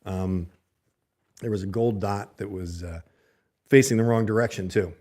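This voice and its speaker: A man's voice: on the low side, normal speed, a little mellow. A man hosting a livestream, chatting loosely with viewers and reading their comments aloud. He speaks close to a desk mic in a home streaming setup. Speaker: livestream host. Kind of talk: casual livestream chat with viewers. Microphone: desk mic held close to the mouth.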